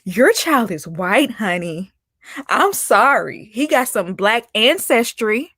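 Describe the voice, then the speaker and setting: A woman hosting her own chat vlog, ranting casually in an animated, sassy way with lots of laughter. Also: a little high, takes it slowly, slightly rough, dry recording, clean studio sound. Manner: animated and sassy, laughing, calling out with "honey" and "baby". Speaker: vlogger host. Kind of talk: casual opinion rant.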